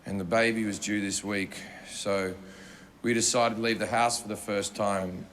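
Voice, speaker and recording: A man voicing a grieving young husband who haltingly apologizes to a crowd in a subdued, deep tone. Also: steady tone, a bit bright, slight background noise, lightly acted. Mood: somber apologetic.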